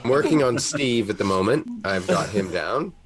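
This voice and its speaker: A man talking in a lively, swooping voice as he jokes with a group of friends. He laughs easily and stretches words while teasing. Several other voices chatter around him. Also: fairly low pitch, moderate pace. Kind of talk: casual chat.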